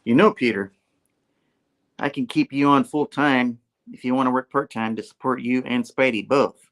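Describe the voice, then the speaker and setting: A smooth, accommodating older businessman, as a man puts him on in a comic recap. The voice stays close to the speaker's own, relaxed and offhand. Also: medium pitch, normal speed, natural voice.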